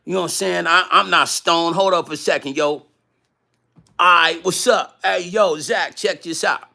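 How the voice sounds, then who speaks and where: A brash young New York homeboy , as a man puts him on, who hypes up his friend in thick street slang. He has a New York accent and a bright, ringing voice pitched a little high, and he keeps saying yo and hold up between phrases. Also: normal speed, gravelly, full character voice. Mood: hyped.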